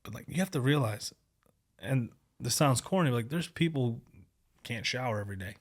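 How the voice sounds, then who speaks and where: Profane, animated male podcast host. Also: mid-range voice, brisk. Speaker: podcast host and police officer. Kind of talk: casual conversational interview.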